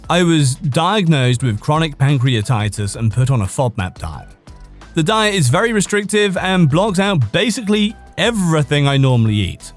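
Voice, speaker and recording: A man hosting a podcast, reading online posts aloud in a casual way, now and then cracking up laughing and tripping over words. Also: on the high side. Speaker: podcast host reading stories.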